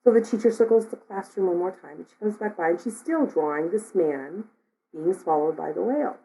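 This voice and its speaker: A woman's voice: fairly low pitch, brisk, creaky, dark tone, rough recording. A woman minister giving a conversational sermon, telling stories and reading a daily word. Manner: storytelling, conversational.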